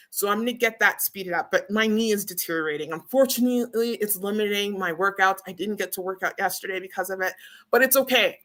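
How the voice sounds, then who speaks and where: A woman's voice: medium pitch, bright, forceful tone. A woman hosting a casual live stream from home, emotional and upbeat, talking straight to her viewers. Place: home, beside her router.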